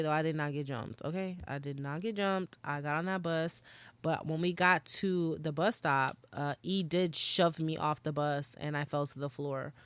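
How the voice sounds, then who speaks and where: A woman's voice: low-pitched, a bit bright, clear, resonant tone, no echo. A young woman hosting a podcast, telling personal stories in a casual, slangy way, swearing and laughing as she goes. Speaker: podcast host. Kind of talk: candid storytelling monologue.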